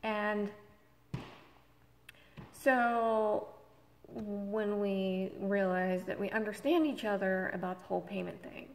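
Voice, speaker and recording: A woman's voice: mid-range voice, slow, long pauses, in a large hall. A woman vlogger ranting in exasperation, retelling a quarrel with acted quotes. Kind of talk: exasperated rant.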